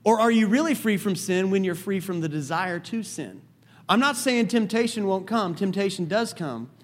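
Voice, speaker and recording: High-voiced man preaching a lively sermon. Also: normal speed. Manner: lively storytelling with asides. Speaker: pastor.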